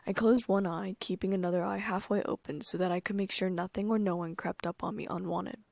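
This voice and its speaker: A woman narrating a first-person audiobook in a calm, even storytelling manner. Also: mid-range voice, brisk, gravelly, dry recording.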